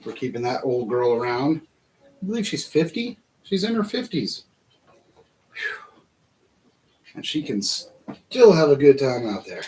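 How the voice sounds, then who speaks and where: A man's voice: mid-range voice, big pitch swings, measured pace, pauses often, darkish tone, poor audio. Chatty man building and rambling. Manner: chatty, talks to himself while building, laughs at his own stories. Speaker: vlog host building a model kit. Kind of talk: casual build-along chat and storytelling.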